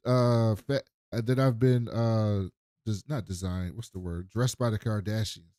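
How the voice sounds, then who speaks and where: A man's voice: lowish voice, measured pace, dry recording, clean studio sound. Man animatedly retelling a TV episode. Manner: animated retelling with acted quotes. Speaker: podcast co-host. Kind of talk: casual recap chat.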